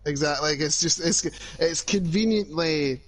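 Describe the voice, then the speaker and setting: Young Scottish co-host, a bit high, chatty and halting, stacking fillers. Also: male voice, fairly bright tone. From Scotland. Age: young adult. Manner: hesitant, many restarts and "like"s. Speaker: podcast co-host. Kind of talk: casual chat.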